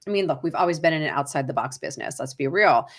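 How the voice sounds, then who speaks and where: A woman's voice: low voice, animated, fast. Chatty middle-aged Boston woman coaching. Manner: chatty, frequent "right?" tag questions, reads viewer comments aloud. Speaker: acting career coach. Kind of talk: live-stream coaching chat.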